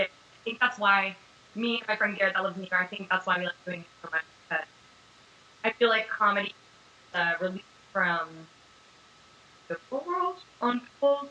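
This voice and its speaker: A young woman being interviewed as an actress, chatting casually and telling animated stories full of fillers. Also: mid-range voice, highs cut off.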